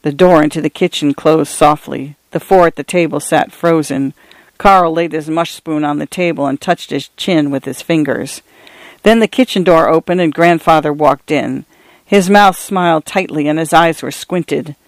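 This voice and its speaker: Steady male audiobook narrator. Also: on the high side, no room sound. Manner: measured storytelling, shifting tone slightly for characters. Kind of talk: scripted narration of a novel.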